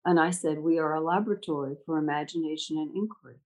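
An older woman speaks in a low, husky voice. She leads a school and tells reflective stories in conversation. She acts out the dialogue of her anecdotes with animation. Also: fast talker, darkish tone, poor audio. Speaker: school leader.

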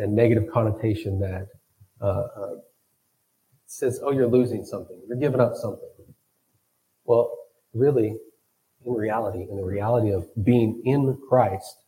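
A man's voice: fairly low pitch, mellow, poor audio. A man preaching a sermon, thinking aloud and often repeating his words as he goes. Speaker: pastor.

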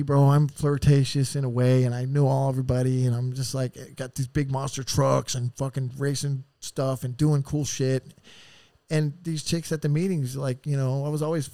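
On a podcast, a middle-aged man recounts a painful personal story, raw, profane and heartfelt, sighing and restarting haltingly. His mid-range voice has a warm tone, and the recording is dry.

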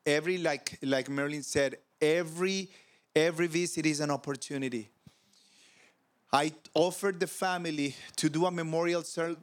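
A man with a fairly high voice preaches at a ministers' convention. He tells a personal story with feeling and acts out the voices of the people in it. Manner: emotional, animated storytelling with quoted dialogue. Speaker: pastor. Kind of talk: conference sermon storytelling. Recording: audio of a convention talk.

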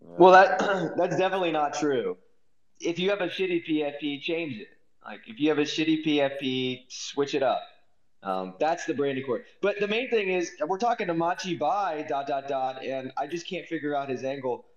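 A man's voice: a little high, lo-fi sound. A man teasing and mocking a friend in a casual chat. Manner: teasing, mocking, quick comebacks.

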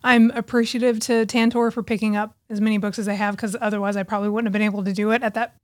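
A woman's voice: medium pitch, little pitch movement, fast talker, no echo. A woman co-hosting a podcast in a chatty manner, laughing often and acting out her own quotes. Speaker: podcast co-host, author. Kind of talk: casual chat.

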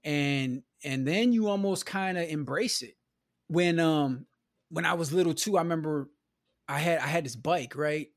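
A man from the American Midwest tells stories from his childhood in an easy, rambling manner, filling his talk with "you know", "man" and "bro". His voice sits a bit higher than most men's, and the sound is close and dry, with no room echo. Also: moderate pace. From Milwaukee, US Midwest. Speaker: podcast guest. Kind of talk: casual storytelling conversation.

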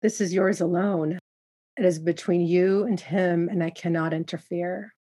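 A woman's voice: on the low side, steady tone, measured pace, warm tone. Woman voicing a stern old witch granny. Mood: grave. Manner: curt, firm orders.

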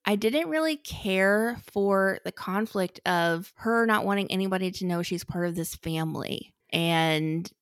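A woman's voice: medium pitch, a little slow, hardly any pauses, no echo, clean studio sound. A woman co-hosting a podcast, chatting casually and enthusiastically about a holiday movie, giggling now and then. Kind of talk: casual chat.

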